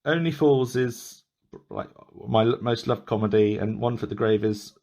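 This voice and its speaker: A man's voice: mid-range voice, normal speed, vocal fry, darkish tone. A man hosting a podcast, chatting casually and rambling with many restarts and small laughs. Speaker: podcast host. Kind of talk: casual chat.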